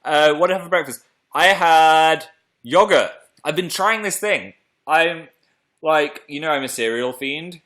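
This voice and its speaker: A man's voice: medium pitch, pushed and bright. A young British man hosting a casual live stream, chatting playfully and reading out viewer comments. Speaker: livestream host.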